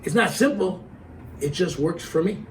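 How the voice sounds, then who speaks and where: A middle-aged man telling a story in a casual, animated way, acting out the quotes and laughing as he goes. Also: sits high, moderate pace, recorded from a distance, a little hiss or hum, low-quality recording.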